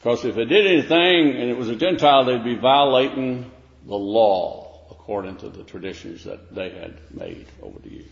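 A man's voice: mid-range voice, very animated, normal speed, vocal fry. Man preaching in an echoey hall. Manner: rising to emphatic questions, with restarts. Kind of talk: sermon. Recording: echoey hall, dull lo-fi sound.

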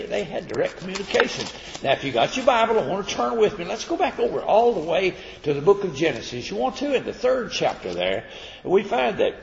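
Folksy gravelly preacher in an echoey hall. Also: male voice, high-pitched. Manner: folksy, conversational storytelling. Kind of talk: sermon. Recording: echoey hall, dull lo-fi sound.

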